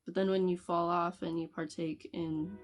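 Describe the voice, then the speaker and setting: A woman with a somewhat low voice talks straight to the camera in a casual advice vlog. Her phrasing is loose and conversational, full of restarts, and she breaks into light laughs between points. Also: little pitch movement, moderate pace. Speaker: video creator.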